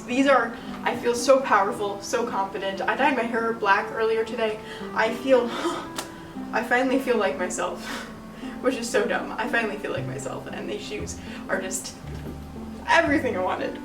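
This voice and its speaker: An excitable young woman chatting in her bedroom, gushing and giddy with a fairly high voice. She talks casually to a camera mic, and music plays clearly beneath her. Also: low-quality recording. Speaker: vlogger. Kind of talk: casual unboxing vlog.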